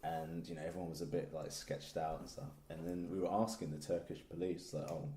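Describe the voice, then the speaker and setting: A man telling rambling anecdotes quickly in a casual podcast chat. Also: low-pitched, flat delivery, dark tone. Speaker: podcast co-host or guest. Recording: roomy echo, faint noise.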